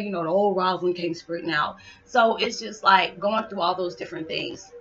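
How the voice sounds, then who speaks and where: Young woman, spiritual vlogger: tense, bright tone, emotional and rambling, lo-fi sound. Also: on the low side, a little fast, few pauses. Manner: emotional, hyper, rambling encouragement. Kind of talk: heartfelt motivational talk to viewers. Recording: slightly dull lo-fi sound with faint background music.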